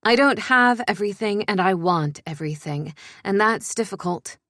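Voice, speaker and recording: A young woman reading a first-person story in a soft, measured, introspective way. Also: medium pitch, lively intonation, no echo, studio quality. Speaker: narrator.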